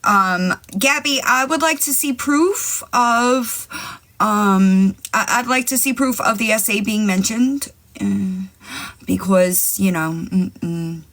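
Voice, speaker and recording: A mid-range, slightly bright female voice takes her time as she hosts a casual live stream on a phone mic. She is brash and foul-mouthed, taunting rivals and rambling directly to her chat.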